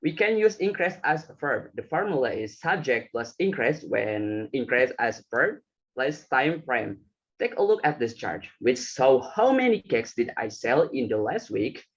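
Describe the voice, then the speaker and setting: A man's voice: mid-range voice, sing-song, a little slow, breathy edge, dull audio. A young man giving a class presentation, reading from slides with some hesitant fillers. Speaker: student presenter.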